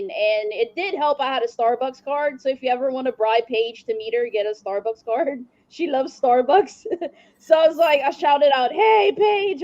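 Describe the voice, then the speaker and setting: A woman's voice: a little high, dark tone, lo-fi sound. A woman hosting a casual interview, telling rambling stories and laughing often. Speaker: host. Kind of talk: casual chat.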